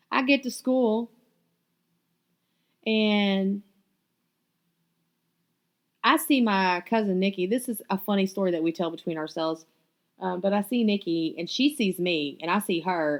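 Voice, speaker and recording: A woman's voice: medium pitch, creaky, lo-fi sound. A young woman, hosting a podcast and telling a personal story in a blunt, profane, candid way. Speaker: podcast host.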